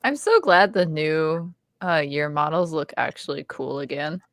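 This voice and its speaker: A woman's voice: sits low, expressive, measured pace, a bit bright. A woman co-hosting a casual livestream chat in a playful, easygoing way, laughing often, talking over an online call. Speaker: co-host.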